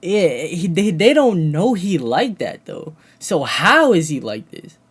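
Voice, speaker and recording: A man's voice: high voice, sing-song, slow pace, slightly rough. A man streaming, giving casual reaction commentary in a slangy way, saying "bro" a lot and thinking aloud.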